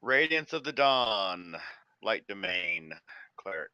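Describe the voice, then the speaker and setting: A man's voice: on the low side, sing-song, takes it slowly, bright, forceful tone, clear, resonant tone, no room sound. A man playing a cleric in a tabletop game, chatty and playful as he explains his moves. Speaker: player, cleric. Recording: muffled lo-fi mic.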